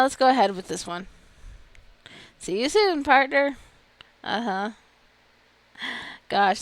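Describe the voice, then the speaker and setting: A woman giving casual, wry commentary while playing a game, chatty and quick to laugh. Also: medium pitch, no echo. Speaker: game streamer. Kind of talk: casual let's-play commentary.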